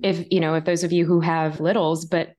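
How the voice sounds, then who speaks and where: A woman guest in her thirties tells a story on a podcast with animated energy. Her voice sits a little low, and she jumps into acting out the things she and others said. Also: fairly quick. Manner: animated, acts out her own quoted lines. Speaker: guest author.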